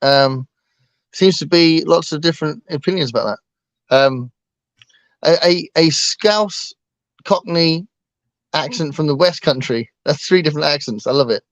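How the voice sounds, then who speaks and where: A man's voice: fairly high pitch, unhurried, long pauses, no room sound. A man co-hosting a casual book livestream, talking hesitantly with lots of ums and restarts. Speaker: book channel co-host.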